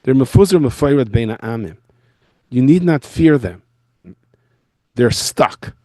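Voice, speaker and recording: A man, a rabbi, giving a storytelling lecture from his office in a school, telling stories in an animated way. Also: medium pitch, a little slow, dry recording. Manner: animated storyteller who acts out the people he quotes.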